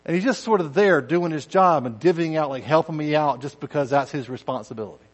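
A man preaching a conversational sermon, dropping to quiet intensity and rising to loud, emphatic bursts, acting out quoted voices in asides. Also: a little high, a little fast, lo-fi sound. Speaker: pastor.

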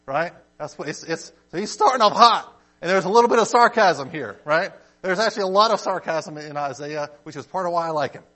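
A man teaching a casual Bible study, reading scripture aloud and explaining it conversationally, often checking in with his listeners. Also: mid-range voice. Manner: conversational, checks in with "okay?" and "right?", animated emphasis.

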